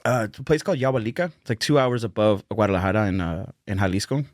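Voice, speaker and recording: A man who is a comedian, guest on a podcast, telling stories in an animated, playful way. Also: fairly low pitch, fast, no echo, clean studio sound. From Mexican-American. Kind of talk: casual chat.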